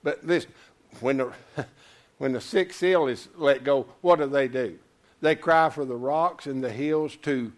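An older man preaching a sermon, telling a folksy story and swinging from low murmurs to loud high exclamations. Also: slow. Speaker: pastor.

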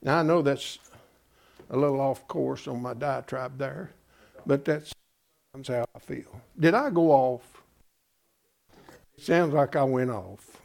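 A man's voice: mid-range voice, slow, gravelly, long pauses, darkish tone. A man preaching a Bible-study sermon, emphatic and folksy, often asking his congregation rhetorical questions. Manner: folksy, calls listeners "folks".

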